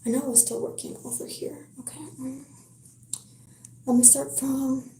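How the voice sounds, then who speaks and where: A woman reading a novel aloud on a live stream in a soft, slow whisper. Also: high-pitched, little pitch movement. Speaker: live-stream book reader. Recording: roomy echo, faint hiss, dropping stream.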